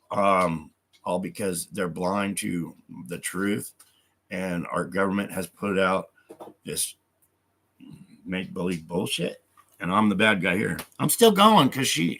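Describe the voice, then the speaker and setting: A man's voice: fairly low pitch, vocal fry, fairly bright tone. A man on a live stream who reads hostile comments aloud and answers them in an angry, profane rant, speaking of God with heavy conviction.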